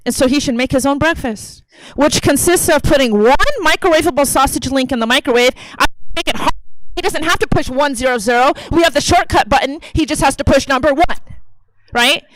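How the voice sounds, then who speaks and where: A woman's voice: sits high, a bit bright, no room sound, poor audio. A woman in her thirties performing a profane, brash stand-up comedy set on a theater stage into a handheld mic. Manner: brash, profane, conversational delivery.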